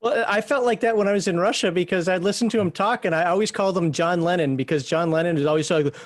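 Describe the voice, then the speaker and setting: A man telling jokey, animated stories as a guest in a casual chat. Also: high voice, quick pace.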